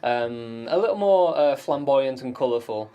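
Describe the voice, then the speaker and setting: A man's voice: medium pitch, animated, moderate pace, clean tone, dull audio. A man running a tabletop game as dungeon master, hesitant, with many fillers, often laughing.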